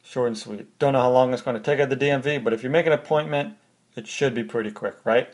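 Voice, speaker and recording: A man's voice: mid-range voice, fast. Guy on his podcast just telling a story, chatty and laid back, walks you through it step by step. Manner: conversational, recounts events step by step. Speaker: podcast host. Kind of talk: casual personal storytelling.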